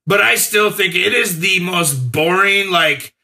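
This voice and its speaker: Blunt high-voiced man arguing. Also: measured pace, creaky, pushed and bright. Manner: blunt, emphatic opinions. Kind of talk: casual debate.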